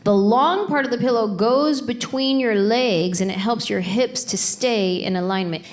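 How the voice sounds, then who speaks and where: A middle-aged woman doing stand-up comedy on stage through a handheld mic, telling her stories in an exasperated, animated, playful way. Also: medium pitch. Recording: live comedy show with laughing crowd. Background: audience laughter and applause.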